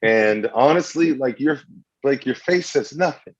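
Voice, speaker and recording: A man hosts a casual podcast game with friends, teasing them and joking around. His voice has an everyday pitch. The recording sounds a bit dull and muffled. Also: animated, unhurried. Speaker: podcast host. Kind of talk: casual podcast chat, running a party game.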